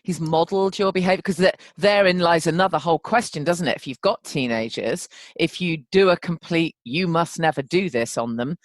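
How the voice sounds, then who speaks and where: A woman's voice: lowish voice, fairly quick, hardly any pauses, no echo. Chatty woman host, dry sound. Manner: hesitant, many fillers and restarts, chatty. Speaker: podcast host. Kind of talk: interview conversation.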